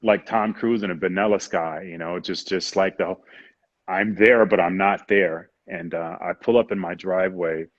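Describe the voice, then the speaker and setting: Deep husky man telling his story. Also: steady tone, normal speed, no room sound, dull audio. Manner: candid, acts out others' voices, frequent "you know". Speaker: interview guest. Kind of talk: emotional personal storytelling.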